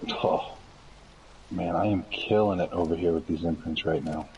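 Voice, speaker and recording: A man in his thirties with a deep voice he puts down to the army and smoking, chatting casually while gaming. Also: steady tone, normal speed, distant mic, lo-fi sound, crowd noise. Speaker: co-player.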